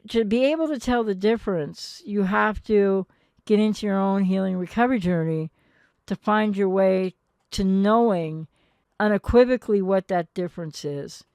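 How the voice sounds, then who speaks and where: A woman in her sixties, a therapist, giving earnest, gentle advice straight to her viewers and acting out quoted partners now and then. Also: medium pitch, normal speed, smooth, no echo, studio quality.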